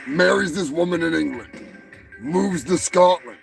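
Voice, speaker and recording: A man's voice: fairly high pitch, animated, a little slow, gravelly, soft background music, poor audio. A male show host giving rambling, profane comedic commentary, often stumbling over and repeating his words.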